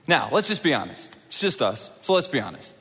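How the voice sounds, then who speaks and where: A middle-aged man preaching a sermon in a large church auditorium, conversational and animated, often acting out quotes and asking the crowd for hands. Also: medium pitch, brisk, big-room sound. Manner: animated, conversational, with acted-out quotes and audience prompts. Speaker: pastor.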